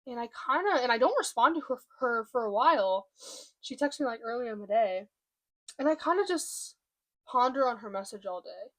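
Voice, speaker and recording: A young woman talks into her camera at home in a candid confessional vlog. Her voice sits a little high, and she speaks haltingly, stopping and restarting as she holds back emotion. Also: lively intonation, a bit bright. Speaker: vlogger. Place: room by a window, at home.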